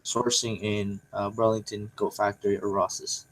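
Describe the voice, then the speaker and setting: A man's voice: lowish voice, level tone, moderate pace. A man co-hosting a casual chat, rambling with lots of fillers and joking around. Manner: rambling, filler-heavy, playful. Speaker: podcast co-host.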